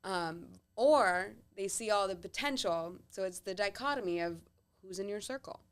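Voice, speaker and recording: A woman's voice: medium pitch, lively intonation, clean tone. A woman hosting an interview, encouraging and upbeat, affirming her guest often. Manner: encouraging, frequent affirmations and quick laughs. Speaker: podcast host. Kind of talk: interview conversation.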